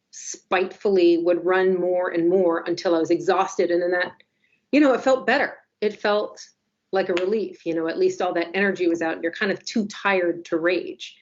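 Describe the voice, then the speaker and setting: A woman in her forties co-hosting a casual podcast chat, telling stories with wry, self-deprecating humor and quick asides. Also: fairly low pitch. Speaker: newspaper podcast co-host. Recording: slightly dull lo-fi audio.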